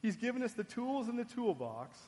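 Man preaching, high voice, long hall reverb, soft then loud and emphatic. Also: sing-song, brisk. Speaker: pastor. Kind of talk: sermon.

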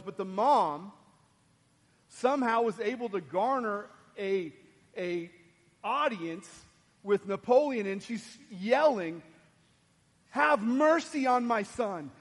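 Man preaching, high voice, long hall reverb, soft then loud and emphatic. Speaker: pastor. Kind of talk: sermon.

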